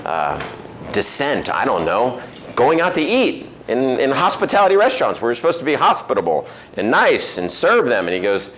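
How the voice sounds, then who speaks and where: A man's voice: mid-range voice, wildly swooping pitch, moderate pace, fairly bright tone, slight background noise. A man who owns a restaurant gives a casual talk to a men's group, telling stories and acting out the voices of the people in them, with many fillers. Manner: storytelling, acts out quoted voices, many fillers. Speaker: restaurant owner giving a talk. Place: restaurant dining room.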